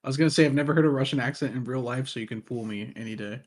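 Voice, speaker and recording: A man's voice: mid-range voice, very fast. A man playing in a tabletop game over a voice call, tossing in dry joking asides. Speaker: player. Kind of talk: casual chat at the game table. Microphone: streaming mic.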